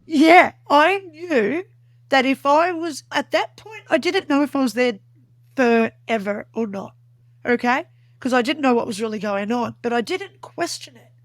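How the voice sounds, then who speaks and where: A woman's voice: high-pitched, expressive, a little slow, no echo, studio quality. A woman guest on an interview podcast, earnestly recounting a personal experience in vivid detail. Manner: earnest, vivid storytelling that acts out remembered dialogue.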